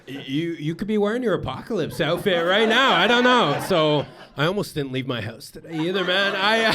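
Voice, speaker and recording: A man's voice: on the high side, background noise. A man doing a stand-up comedy set on stage, rambling and self-deprecating, with lots of filler words. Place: comedy stage before a live audience. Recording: live stage mic with audience laughter.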